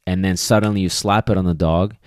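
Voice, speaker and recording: A man with a deep, low voice hosts a casual solo podcast as a dog trainer. He talks emphatically and conversationally, often checking in with "okay" and "right". The recording is dry and close to the mic. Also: steady tone, quick pace, darkish tone, dry recording. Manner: acts out quoted voices of people and dogs.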